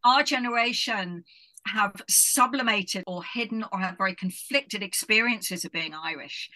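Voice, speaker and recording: Middle-aged English-born woman guest, bright and forceful tone, reflective chat full of restarts. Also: medium pitch, measured pace. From England. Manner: reflective, many restarts and "you know". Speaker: guest author. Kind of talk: casual interview chat.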